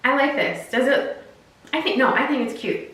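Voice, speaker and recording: Chatty high-voiced woman in echoey room. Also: expressive, normal speed, a bit bright, far from the mic. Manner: chatty, giggly, lots of fillers. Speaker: fashion unboxing vlogger. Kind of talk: casual try-on haul chat.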